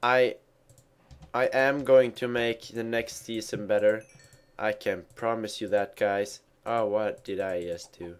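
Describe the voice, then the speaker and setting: A man's voice: fairly low pitch, fairly even intonation, slow pace, clean tone. Rambling self-mocking gamer guy. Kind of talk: casual let's play commentary.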